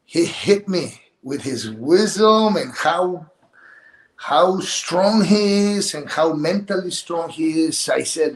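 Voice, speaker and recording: A man's voice: on the high side, animated. Emotional middle-aged man in echoey room. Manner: halting, repeats words, voice drops to near whisper at times. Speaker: interview guest. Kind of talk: emotional interview talk. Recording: roomy echo.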